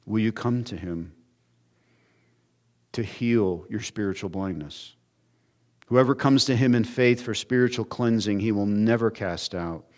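A man's voice: lowish voice, unhurried, long pauses, a little mellow. Earnest male preacher. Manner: earnest preaching, voice rising when acting out quotes. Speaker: pastor. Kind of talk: expository sermon.

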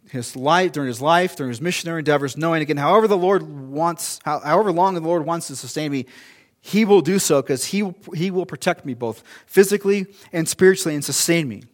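A male pastor preaching a sermon in a conversational, storytelling way, with asides and restarts. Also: a little high.

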